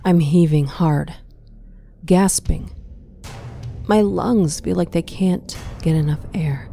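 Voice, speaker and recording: Field: low-voiced hushed horror narrator woman. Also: takes it slowly, gravelly, soft background music. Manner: hushed, often whispery, tense.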